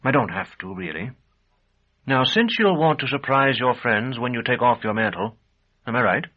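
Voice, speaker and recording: A fretful, servile shopkeeper, as a male audiobook narrator puts him on, his voice pushed up high and anxious. He pleads and wheedles over the counter. The sound is slightly dull and lo-fi. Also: expressive, normal speed, close to an everyday voice. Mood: fussy. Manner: pleading and servile, higher and louder than the narration. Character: nervous, fussy middle-aged male shopkeeper.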